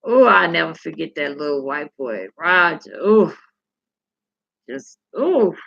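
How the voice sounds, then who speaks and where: Slow, gravelly woman in casual chat. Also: deep voice, lively intonation. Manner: candid and salty, tells stories with profanity; chatty, addresses viewers directly. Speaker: livestream host reading viewer comments. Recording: dull lo-fi recording.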